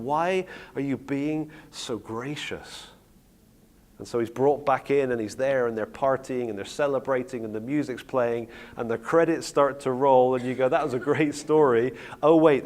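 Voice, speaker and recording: A middle-aged man preaching on a Bible story, retelling it with lively acted-out quotes. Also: medium pitch. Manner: animated storytelling, acting out quoted lines. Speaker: preacher teaching on Bible stories. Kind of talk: sermon-style teaching talk.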